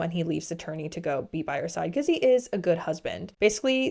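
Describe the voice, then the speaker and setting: A woman's voice: fairly low pitch, gravelly, a little mellow. A woman giving a casual, rambling recap, full of fillers and dramatic asides. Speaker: recap vlogger.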